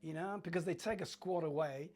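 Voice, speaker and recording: An older man from Cornwall recalls his playing days in a relaxed interview. His voice sits a touch high for a man, and he laughs easily while mimicking the people in his anecdotes. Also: a little fast. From Cornwall, England. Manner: chatty, laughing, acts out voices in his stories. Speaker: former footballer, interview guest.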